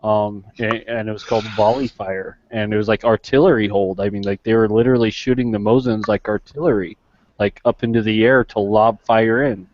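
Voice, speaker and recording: A man's voice: on the low side, fairly even intonation, brisk, a little mellow, highs cut off, a little hiss or hum. A man rambling through a casual explanation in voice chat, full of restarts and fillers. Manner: rambling with many likes and restarts.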